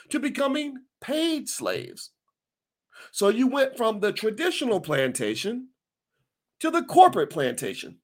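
Give me a man with a high voice hosting a podcast, emphatic and folksy, talking straight to his listeners. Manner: animated, folksy and emphatic, with repeated restarts. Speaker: podcast host. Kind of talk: casual commentary to listeners.

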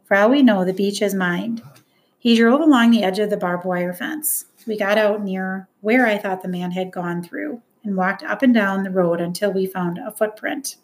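A woman reading a first-person novel aloud as an audiobook narrator, earnest and measured. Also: mid-range voice.

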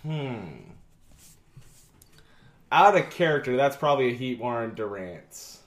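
A man at a tabletop game trading jokes, his voice leaping up and down with lively intonation. He slips in and out of character with easy banter, and the room echoes around him. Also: mid-range voice, slow pace. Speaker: player. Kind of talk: tabletop role-play chat.

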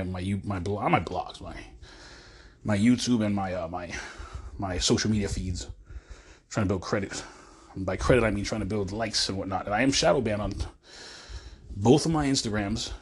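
A man's voice: fairly low pitch, slightly rough. A man in his forties hosting a podcast, talking in a casual, rambling monologue while pacing, often breaking off mid-phrase. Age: 40s. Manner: chatty, rambling, self-interrupting, addresses listeners as folks. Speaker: podcast host.

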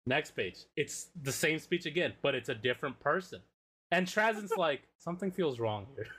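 Man, podcast co-host, casual recap, swears freely, lively swooping pitch, fairly high voice. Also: moderate pace, breathy edge. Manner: animated, swears, acts out quotes.

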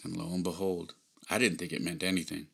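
A man hosting a podcast, earnestly telling a personal story, emotional and close to tears, often dropping to a hushed near-whisper. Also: sits low, little pitch movement, brisk. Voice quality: gravelly, husky. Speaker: podcast host.

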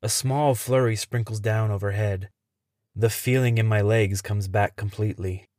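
Low-voiced man narrating a tense story. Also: fairly even intonation, moderate pace, a little mellow, dry recording, studio quality. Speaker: podcast host and storyteller. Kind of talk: dramatic first-person story narration.

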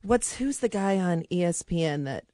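A woman co-hosting a sports talk radio show, with a lower voice than most women. She explains her points in a measured, casual way. The sound is dry and close on a studio mic. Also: lively intonation, warm tone, no echo. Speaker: radio co-host. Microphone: studio microphone.

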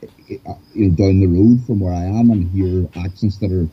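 A man's voice: low voice, steady tone, normal speed, husky. An Irish man chatting casually over a call, rambling with lots of fillers. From Ireland. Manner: rambling, hesitant, many fillers. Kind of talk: casual chat. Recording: dull lo-fi call audio.

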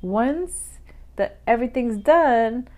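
A woman's voice: fairly high pitch, slow pace. A woman co-hosting a podcast, talking casually and getting riled up, with frequent laughs. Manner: animated, gets riled up and laughs. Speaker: podcast co-host. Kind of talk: casual chat.

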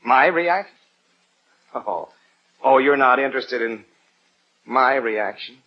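An actor playing a blustering, self-important middle-aged husband in a radio sitcom. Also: male voice, mid-range voice, lively intonation, slow. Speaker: husband and lawyer. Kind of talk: 1940s radio sitcom acting. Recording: muffled old radio recording.

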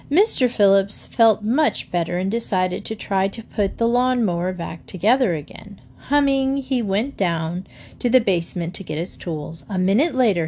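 A woman reading a children's book aloud with steady, clear narration. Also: mid-range voice. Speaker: storybook reader.

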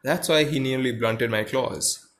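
A man's voice: medium pitch, unhurried, fairly bright tone, lightly acted. A man reading aloud a timid, self-pitying male lion who is ashamed of his cowardice, in a storybook reading. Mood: sorrowful.

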